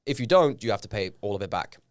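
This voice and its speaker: A man's voice: fairly low pitch, fast talker, smooth, no room sound, clean studio sound. A young adult man from Norway, whose first language is Norwegian, speaking as a guest actor in a casual podcast interview and acting out quotes as he tells stories. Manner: animated storyteller, acts out quotes.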